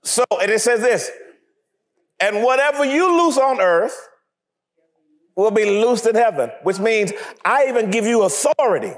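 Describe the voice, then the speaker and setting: A man preaching a sermon, acting out little scenes with laughter and sudden shouts. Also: high voice, unhurried. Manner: animated, acts out scenes, laughs often. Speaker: pastor.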